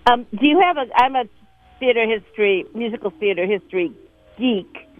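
A man's voice: very high voice, narrow, tinny audio. A man co-hosting a radio interview, enthusiastic about musicals. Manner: enthusiastic, talks fast when excited. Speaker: radio co-host.

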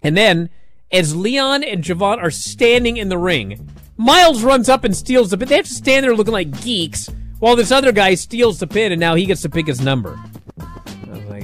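A man hosting a wrestling recap show, talking in a sarcastic, animated way and acting out what others said. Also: high-pitched, normal speed, faint music behind. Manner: sarcastic, animated, acts out quotes. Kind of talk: casual recap commentary.

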